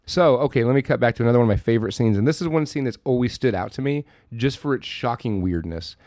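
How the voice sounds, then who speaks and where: Male podcast co-host, mid pitch, dry close-miked sound, lively scene recaps full of swearing. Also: quick pace, no room sound. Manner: animated retelling with swearing. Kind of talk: casual movie-review chat.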